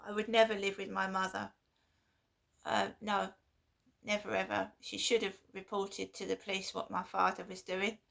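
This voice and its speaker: Gravelly woman, aggrieved vlog monologue. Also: medium pitch, little pitch movement, fairly bright tone. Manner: halting, repeats herself, aggrieved. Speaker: vlogger. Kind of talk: casual personal monologue.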